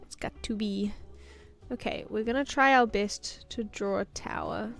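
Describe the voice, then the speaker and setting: A woman's voice: mid-range voice, a little slow, vocal fry. A woman art streamer with a non-American English accent chatting casually and jokily while she draws. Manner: chatty, rambling, jokey, with frequent laughs and fillers. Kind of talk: casual live-stream chat while drawing.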